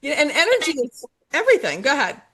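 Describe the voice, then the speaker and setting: A woman's voice: sits high, huge pitch swings, fast, bright, forceful tone. A middle-aged woman life coach talking in a podcast conversation, enthusiastic and motivational, repeating phrases for emphasis.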